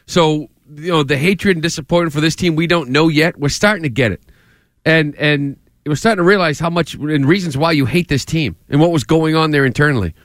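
Brief: quick, lively male sports host, dry close mic, blunt and jokey. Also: a little high, dry recording. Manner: fast, animated, blunt, swears, joking. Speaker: sports talk show host. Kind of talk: heated casual sports chat.

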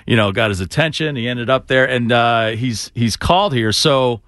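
A man's voice: mid-range voice, normal speed, dry recording, studio quality. A man hosting a rock radio show, chatting casually and laughing often. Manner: excitable, laughing banter. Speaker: radio host. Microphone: studio microphone.

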